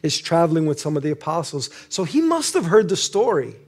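Man, preacher, middle-aged, animated, acts out stories, laughs a lot, fairly high voice. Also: fairly quick. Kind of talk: sermon.

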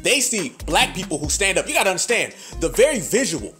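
A man's voice: sits high, big pitch swings, brisk, fairly bright tone, faint music behind. A man hosting a podcast in a fiery, preachy monologue, full of rhetorical questions and profane slang. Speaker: podcast host.

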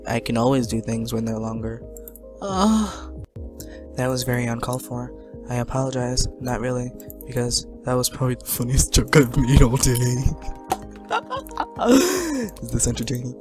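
Joking young man playing a game. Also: medium pitch. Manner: joking, self-mocking, talks to viewers. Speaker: gaming commentator. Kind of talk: let's play commentary.

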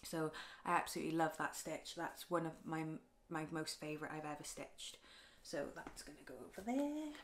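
A woman talks through her craft projects in a casual home vlog. Her voice sits a little low, and her delivery is soft and tender, with frequent ums and halting restarts. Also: slight background noise. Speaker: craft vlogger. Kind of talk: casual show-and-tell vlog.

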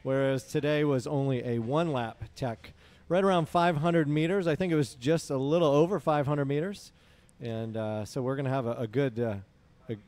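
A man doing live sports commentary from a tent booth, explaining the race in a relaxed way with dry humor. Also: medium pitch, moderate pace, few pauses. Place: tent booth at a beach event.

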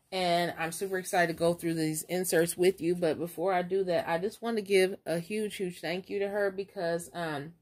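A woman chatting excitedly in a casual vlog, stuttering now and then as she leafs through coupon inserts. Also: fairly low pitch. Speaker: couponing vlogger. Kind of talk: casual show-and-tell vlog.

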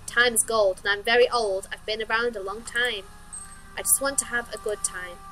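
A woman's voice: a little high, steady tone, normal speed, sharp tone, soft background music, poor audio. A woman voicing a very old, playful creature in a horror game who speaks in rhymes. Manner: sing-song rhyming speech.

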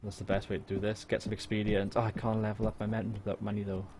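This is casual gaming livestream commentary from a young Welshman playing a strategy game, talking to chat, cursing and joking. His lowish, darkish voice is monotone and quick, and faint noise sits in the background.

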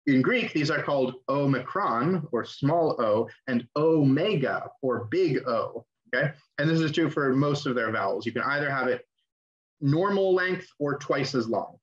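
A young man gives a relaxed online lecture over a video call. His voice sits at an ordinary pitch, and the audio sounds dull and a bit lo-fi. He explains things conversationally and often stops to restart a phrase. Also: unhurried. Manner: casual, explanatory, with fillers and restarts. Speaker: teacher.

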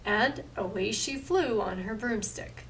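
A woman reading a picture book aloud at a library storytime, slow and expressive. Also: mid-range voice, distant mic, slight background noise, poor audio.

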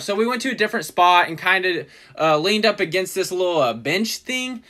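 A man casually telling a story in a livestream replay, animated and laughing often as he acts out what was said. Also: high voice, a little fast, hardly any pauses.

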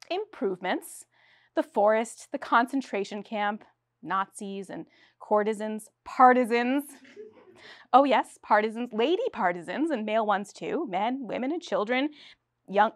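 Woman playing a gushing, pompous male director, slow and showy. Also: on the high side, no echo, clean studio sound.

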